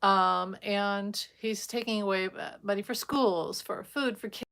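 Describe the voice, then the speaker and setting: A woman's voice: mid-range voice, steady tone, measured pace, creaky, fairly bright tone. A woman giving a rambling, emphatic livestream monologue as a spiritual vlogger, talking casually and breaking into short laughs.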